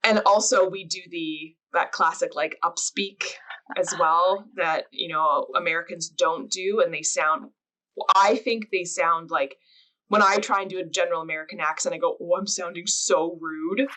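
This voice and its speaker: A Canadian woman with a Canadian accent hosts an interview podcast. Her voice sits on the low side, and her manner is friendly and conversational, with quick affirmations as she listens. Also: fairly even intonation, bright, forceful tone, rough recording. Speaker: podcast host.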